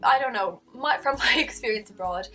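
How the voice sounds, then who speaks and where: A young woman with a Cork Irish accent, talking casually to camera in an animated, chatty way. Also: fairly quick, recorded from a distance, faint music behind. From Ireland. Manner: chatty, animated, acts out quoted voices with jumps in pitch. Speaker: vlogger.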